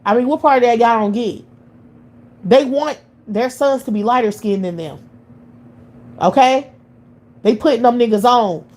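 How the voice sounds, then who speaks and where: A woman's voice: a little high, a little mellow. A woman from the United States hosting a livestream and delivering a blunt, heated, profane monologue rant that circles back on itself. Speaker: livestream commentator.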